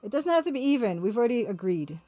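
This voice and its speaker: A woman's voice: on the high side, very animated, fast, dark tone, soft background music. A woman with a Canadian accent, chatting casually and self-deprecatingly with her viewers while she works on pixel art. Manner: rambling, self-deprecating, talks to her chat. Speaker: artist streaming her work. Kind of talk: casual livestream chat while drawing.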